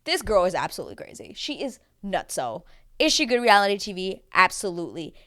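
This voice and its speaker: A woman's voice: medium pitch, sing-song, brisk, bright, forceful tone, no echo, clean studio sound. A woman recapping a reality dating show in a casual, gossipy way, talking bluntly, swearing freely and mimicking the cast.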